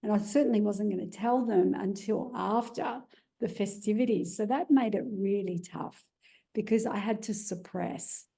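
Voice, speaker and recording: An Australian woman tells a deeply personal story in an earnest, searching way, often pausing on "you know". Her voice is low-toned and mellow with a gravelly edge. She speaks at a middle pitch. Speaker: guest telling her story.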